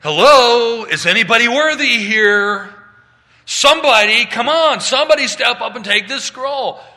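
Brief: man playing God as a shrill, loud pleader; bright, echoing tail. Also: animated, measured pace, full character voice. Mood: pleading. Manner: loud, high, exaggerated pleading. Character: God mockingly pleading for a volunteer.

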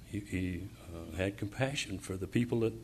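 A man preaches a sermon, reading verses and explaining them, pausing often with fillers and restarts before rising to fervent emphasis. His voice sits low and sounds husky.

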